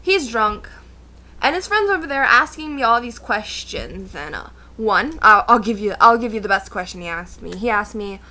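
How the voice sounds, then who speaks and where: A woman's voice: mid-range voice, big pitch swings, moderate pace, sharp tone. A young woman vlogging a casual storytime rant, sarcastic and exasperated as she tells it.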